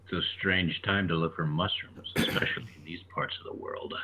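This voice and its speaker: A man playing a tabletop game, talking in character in an animated way. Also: low-pitched, fairly quick, breathy edge. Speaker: player. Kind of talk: tabletop role-play. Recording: tinny call line with faint noise.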